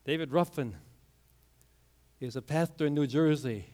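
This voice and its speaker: A man preaching a sermon through a story, swinging from hushed lines to loud, emphatic peaks. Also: on the high side, normal speed.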